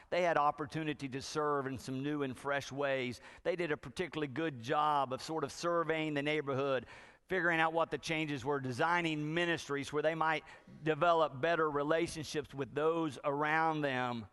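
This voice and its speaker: A man pastor preaching a sermon, telling stories with wide swings from hushed to loud. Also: fairly high pitch, clear, resonant tone.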